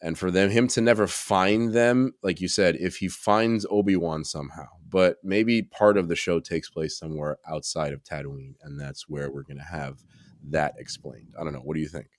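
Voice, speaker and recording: Man, podcast co-host, very deep voice, meandering casual talk, dry close recording. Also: steady tone, moderate pace, no echo. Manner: meandering, self-correcting asides. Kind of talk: casual chat.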